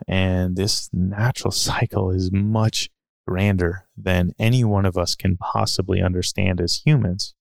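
A man with a deep voice that has a rough, creaky edge tells a personal story on a podcast. He talks in a casual, musing way, full of fillers and restarts. The sound is dry and close, with no room around it. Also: dry recording. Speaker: podcast speaker.

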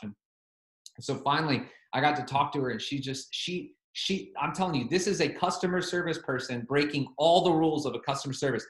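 A preacher man tells a story with animation and acts out both ends of a phone call. His voice sits a little high, and the room around him is echoey. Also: a little fast. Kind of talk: sermon storytelling.

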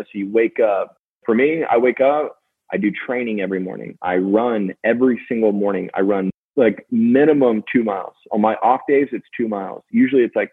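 A man's voice: on the low side, breathy edge. Man on a tinny phone line. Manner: fast, energetic storytelling with many fillers. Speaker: podcast guest, sales manager. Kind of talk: casual interview talk.

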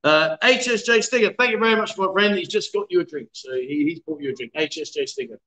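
A man in his fifties livestreams casually from a city bar, full of jokes, laughter and chatty banter as he reads viewer comments. His high voice is fast, bright and forceful, with reverb.

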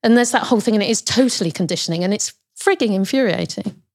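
A woman's voice: medium pitch, animated, fast talker. A woman, a corporate lawyer, talking frankly and emphatically in a casual conversation.

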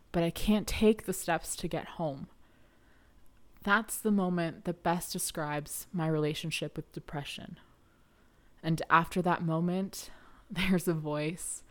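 A young woman hosting a podcast, telling a personal story in an earnest, reflective way with soft laughs. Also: fairly low pitch. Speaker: podcast host.

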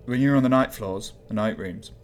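A man's voice: fairly low pitch, brisk. Man narrating as game master. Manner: descriptive, hesitant with fillers.

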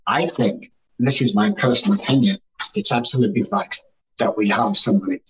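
A man's voice: lowish voice, brisk, slight background noise. Emphatic man on distant, muffled audio. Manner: emphatic, repeats phrases for effect. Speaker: guest, addiction recovery speaker. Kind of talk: conversational interview storytelling.

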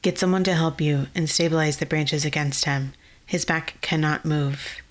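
A woman voicing a calm, protective male soldier who also tends wounds, speaking in a gravelly, steady and commanding way. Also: sits low, normal speed, natural voice.

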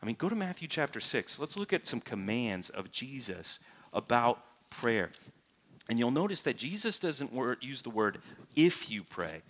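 A man preaching a sermon as a pastor, asking his congregation direct questions and jumping up in pitch and volume to make a point. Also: moderate pace. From United States. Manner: animated, rises sharply for emphasis and mock-prayer voices.

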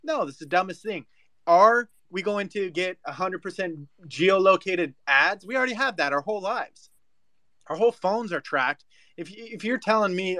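A man's voice: high voice, expressive, moderate pace, bright, forceful tone, no echo. A man in a casual chat, arguing his point in a brash, emphatic rant.

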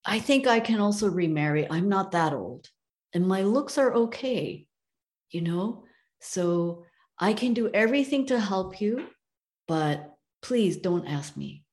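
A woman's voice: medium pitch, expressive, measured pace, a little mellow, close to an everyday voice. Woman voicing a sweetly evasive wife. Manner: hesitant, politely declining.

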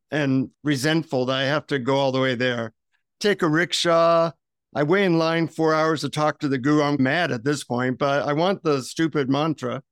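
A man, an author and guest on an interview, telling lively, self-mocking anecdotes. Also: on the high side, clean tone, no room sound, studio quality. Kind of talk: interview storytelling.

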